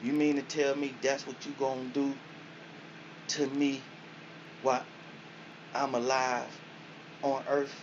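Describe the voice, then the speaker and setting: A man voicing his own soul as a stern male spirit that lectures and accuses him with drawn-out words. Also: mid-range voice, little pitch movement, muffled recording, noisy background, pitched above the performer's own voice, close to an everyday voice. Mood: scolding.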